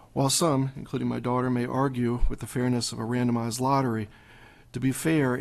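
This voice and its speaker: A man's voice: mid-range voice, creaky, darkish tone. A man giving a prepared public comment at a school board meeting, reading figures with occasional restarts. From Maryland.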